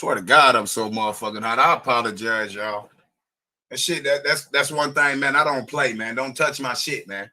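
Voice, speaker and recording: A man giving an angry, profane rant, often shouting and repeating himself. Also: mid-range voice, normal speed. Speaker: homeowner ranting on video.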